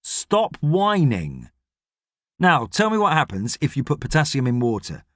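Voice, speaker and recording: A man voicing a gruff, grumpy middle-aged astronaut, stern and lecturing in an audiobook. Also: on the high side, huge pitch swings, a little slow, fairly bright tone, dry recording, clean studio sound, full character voice. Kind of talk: audiobook character reading.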